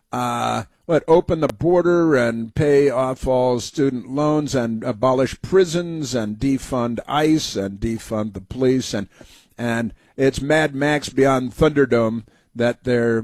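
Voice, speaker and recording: Male talk host, mid-pitched, close dry studio mic, rambling and sarcastic. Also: a little slow, a little mellow, dry recording. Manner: rambling, sarcastic, many fillers and restarts. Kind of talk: opinionated talk show monologue.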